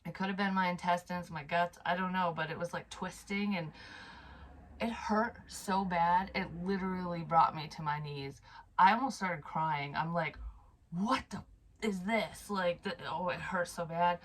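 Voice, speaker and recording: A woman in a casual vlog, talking straight to camera about something that happened to her. She is frank and swears freely, often sighing or trailing off mid-sentence. Her voice sits slightly low. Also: moderate pace, low-quality recording. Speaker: psychic medium vlogger.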